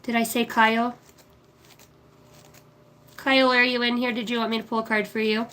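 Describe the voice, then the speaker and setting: A woman's voice: a little high, level tone, moderate pace, bright, forceful tone. A woman in her thirties, a psychic card reader on a livestream, chatting casually and affectionately as she reads out viewers' names. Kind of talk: casual livestream chat reading comments.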